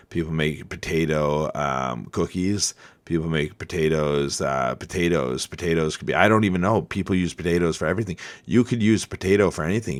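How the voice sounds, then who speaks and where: A man hosting a casual chat, rambling with many restarts and fillers, and bursting out loudly when he acts out people's reactions. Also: extremely low pitch. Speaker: podcast host.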